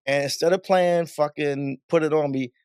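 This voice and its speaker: A middle-aged man, a DJ guest on a podcast, telling stories in a lively, casual way with laughs and some swearing. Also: fairly high pitch, moderate pace, smooth, no echo, studio quality. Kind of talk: casual storytelling interview.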